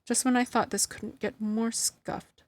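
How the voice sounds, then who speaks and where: A woman's voice: a little high, fairly even intonation, measured pace. A woman streamer chatting casually to her live chat, flustered and self-deprecating, often breaking into laughter. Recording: dry close sound.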